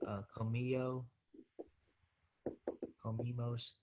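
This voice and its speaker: A male student on a video call reciting answers in a hesitant, halting way. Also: mid-range voice, monotone, dark tone, no room sound, highs cut off. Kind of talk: reciting in class.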